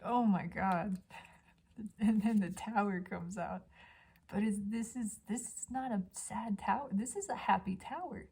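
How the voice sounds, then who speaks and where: Gravelly, breathy woman reading tarot. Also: medium pitch, unhurried. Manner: dreamy, gushing, drifts into soft whispers. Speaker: tarot reader. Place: home by a balcony.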